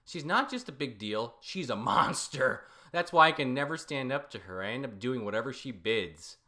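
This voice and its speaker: Cowardly lazy teen boy shaman from a manga, bright lively voice, a guy reading him out. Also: mid-range voice, moderate pace. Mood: whiny.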